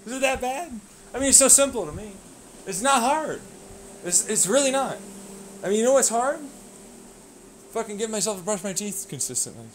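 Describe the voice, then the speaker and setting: A man rants at the camera in a loose, rambling monologue, swearing freely and lurching between low mutters and sudden bursts. His voice sits fairly high for a man and swoops up and down a great deal. A faint hiss of background noise runs under the recording. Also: sing-song, a little fast. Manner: profane, rambling, swings between mutters and shouts. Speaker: vlogger. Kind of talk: ranting monologue.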